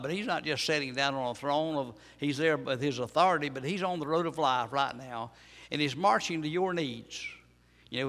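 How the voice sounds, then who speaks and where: A man's voice: mid-range voice, vocal fry, a bit bright, big-room sound. A man preaching a sermon in a church, emphatic and repetitive, asking his listeners questions. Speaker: pastor.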